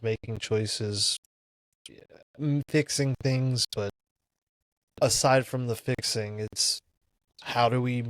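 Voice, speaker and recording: A man talks casually on a podcast, stopping and restarting his sentences and filling gaps with "uh" and "like." His voice sits at an ordinary middle pitch. The recording is close and dry, with no room sound. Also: no echo, rough recording. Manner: halting, repeats himself, frequent fillers. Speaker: podcast co-host. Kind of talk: casual chat.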